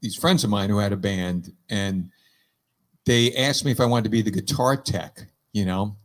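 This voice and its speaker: A man's voice: fairly low pitch, normal speed. A man in casual chat, chiming in with short agreements and asides.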